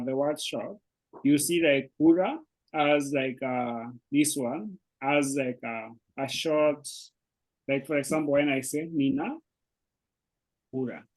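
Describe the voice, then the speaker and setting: On a rough recording, a man with a voice on the high side explains an online Swahili lesson in English. He is a native speaker and a hesitant teacher, full of fillers and restarts.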